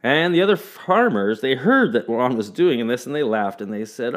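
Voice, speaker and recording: Animated male storyteller with lively pitch. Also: moderate pace, few pauses. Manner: animated, expressive, playful. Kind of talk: oral folk tale storytelling.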